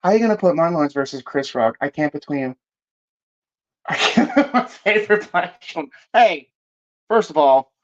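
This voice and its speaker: A man's voice: fairly high pitch, lively intonation, normal speed, highs cut off. A man ranting casually about movies on a live stream, profane and rambling, often breaking off and correcting himself. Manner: profane, rambling, self-interrupting.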